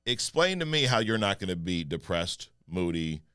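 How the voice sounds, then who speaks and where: A man co-hosting a podcast in casual, animated chat, joking and mimicking voices. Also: low voice, normal speed, smooth, no echo, clean studio sound. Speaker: podcast co-host.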